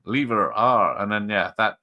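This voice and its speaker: A man's voice: lowish voice, moderate pace, lo-fi sound. A man hosting a casual film watch-party stream, joking, laughing often and swearing freely. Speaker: stream host.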